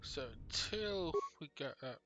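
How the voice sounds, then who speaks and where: A man streaming a video game, musing to himself in relaxed, casual commentary. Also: a little high, unhurried, background noise. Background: game music.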